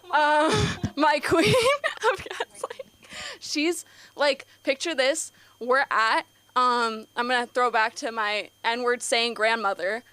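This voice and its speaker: A woman's voice: a little high, slow pace, sharp tone, clean tone. A teenage girl doing a nervous, rambling open mic stand-up set on a comedy club stage, full of fillers and giggles. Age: teens.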